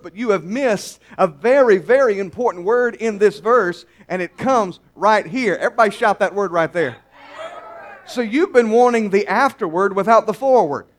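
High-voiced preaching man. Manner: emphatic preaching, swelling to near-shouts on key phrases; folksy and teasing with the congregation. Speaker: pastor. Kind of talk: sermon. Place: church service.

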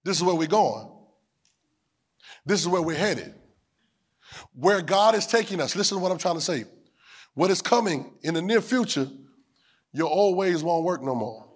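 A man a sermon in a call-and-response style. He repeats phrases, asks the room whether they hear him, and climbs to shouts. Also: high voice, animated, moderate pace, long pauses. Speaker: preacher.

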